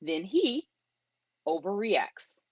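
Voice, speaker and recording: A woman speaking at a church event about marriage communication, talking conversationally and acting out quoted spouses in lively asides. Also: mid-range voice, drawn-out words, breathy edge, no echo, dull audio.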